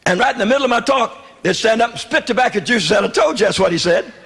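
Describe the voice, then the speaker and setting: Gravelly man preaching folksy testimony. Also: high voice, animated, fast, a bit bright. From Southern United States. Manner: folksy, humorous, wry storytelling with quoted dialogue. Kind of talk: sermon testimony storytelling.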